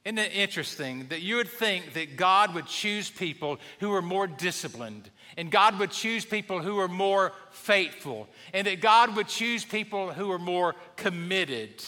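A male pastor preaching in a church, chatty and humorous as he tells stories. His voice sits high and bright. A long hall reverb trails behind each phrase. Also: animated, a little slow, few pauses. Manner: conversational storytelling with humor. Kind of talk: sermon. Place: church sanctuary.

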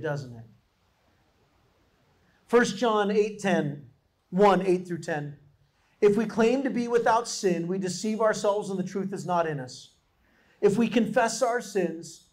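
A man preaches a sermon in a very high voice. He is animated and acts out the people in the stories he tells. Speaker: pastor.

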